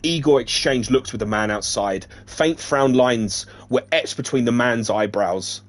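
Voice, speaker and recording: A man's voice: mid-range voice, unhurried, few pauses. A man reading a novel aloud in a casual way, breaking off now and then to joke and laugh. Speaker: reader of a novelization. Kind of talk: casual read-aloud narration.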